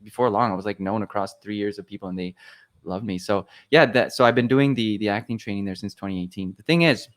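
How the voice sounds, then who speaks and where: A man's voice: lowish voice, quick pace. A young man on a podcast, talking casually and rambling through a story with lots of fillers and restarts. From Canada. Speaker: podcast guest. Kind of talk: casual chat.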